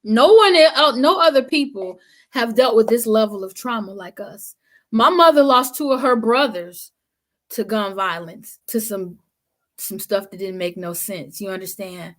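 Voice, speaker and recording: A woman's voice: a little high, unhurried, fairly bright tone. A woman guest talking in an impassioned, emphatic, colloquial way, like a preacher. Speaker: guest speaker. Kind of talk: impassioned conversation.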